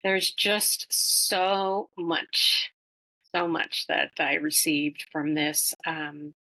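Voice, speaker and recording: Slow, bright-toned woman guest. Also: low-pitched, steady tone, rough recording. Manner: halting, many fillers and restarts. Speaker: interview guest. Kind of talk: casual spiritual reflection.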